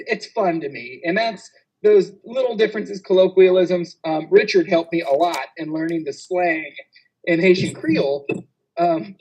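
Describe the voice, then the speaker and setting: A male physician on a conference panel, telling travel anecdotes with frequent laughter and quick asides. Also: high-pitched, darkish tone, slightly rough, rough recording.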